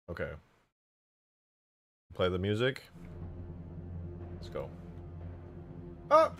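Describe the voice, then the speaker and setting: This game modder and streamer has a deep voice, speaks fairly quickly and pauses often. He narrates his own gameplay in a loose, rambling way, excitedly talking to himself as he goes.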